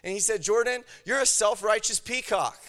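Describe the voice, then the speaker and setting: Male preacher, high voice, sermon, animated storytelling, shifts from loud to hushed. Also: moderate pace.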